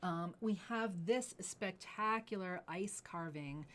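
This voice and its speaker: A woman hosting a live jewelry sale, gushing over each piece and often dropping to breathy near-whispers as she admires it. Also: fairly low pitch, takes it slowly, fairly bright tone. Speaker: jewelry sales host. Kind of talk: live shopping presentation.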